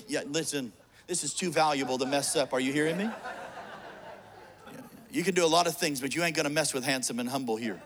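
Middle-aged preacher guy cracking jokes while he tells a story, voice a bit high. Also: fairly bright tone, slight background noise. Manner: joking, storytelling, frequent restarts. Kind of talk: sermon with humorous story.

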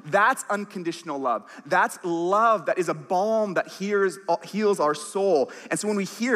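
A man's voice: high voice, animated, normal speed, fairly bright tone, long reverb tail. A man preaching a sermon as pastor, earnest and emphatic, acting out quoted lines.

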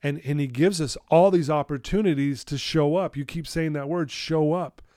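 A middle-aged man, a podcast guest telling his story in an animated way and acting out his own quoted lines. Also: fairly high pitch, normal speed, dry recording, studio quality. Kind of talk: storytelling in a conversational interview.

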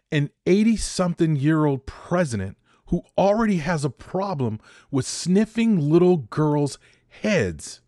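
A man's voice: fairly high pitch, darkish tone, no room sound, clean studio sound. A man in his fifties hosting a podcast, delivering a heated opinion monologue that repeats points for emphasis. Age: 50s. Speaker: podcast host.

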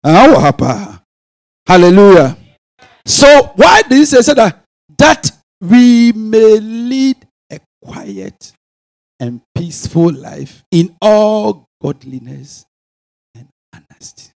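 A man with a Ghanaian accent preaching a sermon, swinging from quiet musing to sudden shouted bursts. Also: high-pitched, very animated, slow, vocal fry. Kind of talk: sermon mixing Twi and English.

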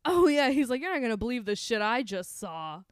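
A woman's voice: a little high, big pitch swings, fairly quick, clear, resonant tone, no room sound, clean studio sound. A young woman co-hosting a podcast, chatting casually as she recaps a film, laughing often, sarcastic and swearing freely. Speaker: podcast co-host.

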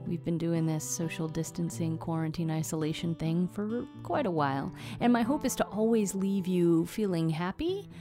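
A woman's voice: lowish voice, expressive, moderate pace, hardly any pauses, over music. A woman hosting a podcast interview, talking in an earnest, emotional, chatty way and sounding close to tears. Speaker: podcast host.

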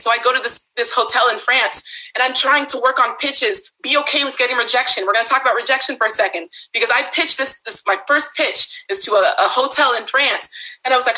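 A young woman giving an animated motivational talk to an audience, laughing often and acting out quotes. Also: a little high, fast talker, low-quality recording. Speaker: speaker on a summit panel.

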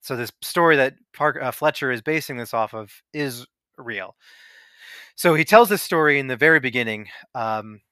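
Bright animated man hosting a podcast. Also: mid-range voice, normal speed, clean tone, no echo, studio quality. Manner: animated retelling with laughs. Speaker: podcast host. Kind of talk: casual film discussion.

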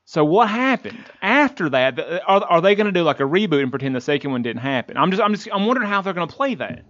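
A man's voice: high-pitched, big pitch swings, fairly bright tone, no echo. Eager man on a dry, dull recording. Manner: eager, quick to laugh, stumbles over words. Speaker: podcast host. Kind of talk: casual chat.

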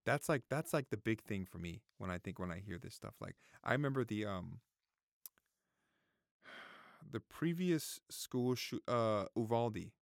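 The speaker is a vlogger in his thirties, his fairly low voice carrying vocal fry at a measured, animated pace. Talking casually to camera, he swears, circles back over his points, and is on the verge of crying. The sound is dry and studio quality.

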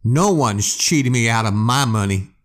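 A man voicing an angry, stubborn man who yells threats while waving a shotgun. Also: mid-range voice, lively intonation, moderate pace, lightly acted. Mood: furious yelling. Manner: yelling, threatening.

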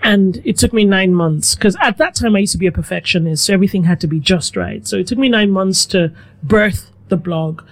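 A middle-aged woman from Nigeria, a guest telling her life story in a relaxed, reflective way. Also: mid-range voice, fairly quick. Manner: reflective, animated with quoted asides. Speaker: guest, food blogger. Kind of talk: conversational storytelling.

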